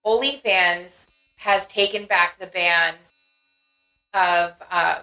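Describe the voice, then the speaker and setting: A young woman co-hosting a casual podcast, her voice bright and forward. She chats in an animated way, trailing off and piling up fillers as she goes. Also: lowish voice, takes it slowly, faint music behind, rough recording. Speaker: podcast co-host. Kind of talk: casual chat.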